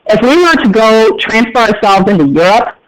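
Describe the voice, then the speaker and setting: A man's voice: sits high, lively intonation, moderate pace, a little hiss or hum, rough recording. A man with an American accent teaching a class, explaining terms in a chatty way with joking asides to his students. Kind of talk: classroom lecture.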